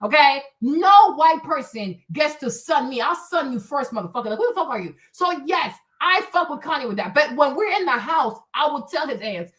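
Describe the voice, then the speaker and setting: A woman with a high, bright-toned voice rants. Her unscripted commentary is heated, profane and emphatic. She hammers her points home by repeating them. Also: very animated, normal speed, few pauses. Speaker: livestream host.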